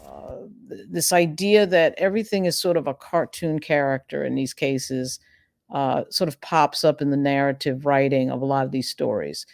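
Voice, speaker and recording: A woman's voice: rumbling low, normal speed, gravelly, a little mellow, no room sound, studio quality. A woman hosting a legal news commentary show, making emphatic arguments and building her points through long lists.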